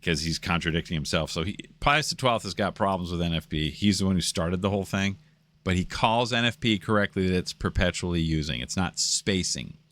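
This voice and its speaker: A man hosts a casual commentary in a low voice. His sound is dry and close to the mic. He talks in a halting way, breaking off and pausing to find his place. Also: lively intonation, a bit bright, no echo. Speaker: host commenting on video clips.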